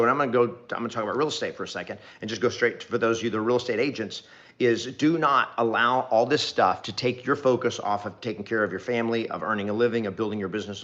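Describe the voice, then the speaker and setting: A man's voice: on the low side, a bit bright, dull audio. A middle-aged man, a real estate trainer, giving an earnest, rambling motivational talk to camera and repeating phrases for emphasis.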